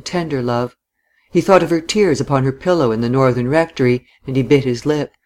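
An audiobook narrator reading literary fiction in a measured, even manner. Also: medium pitch. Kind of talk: scripted narration.

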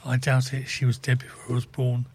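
A man co-presenting on community radio, reading the news and dryly grumbling about books in a deadpan way. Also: medium pitch, fairly quick, slight background noise. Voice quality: husky. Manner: dry, fussy, deadpan. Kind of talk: casual radio chat.

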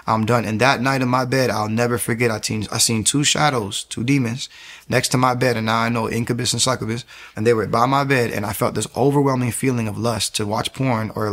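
A man's voice: mid-range voice, gravelly. A young man giving a conversational faith testimony, telling his story with energy and acting out the people he quotes. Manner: animated storytelling, acts out quoted voices.

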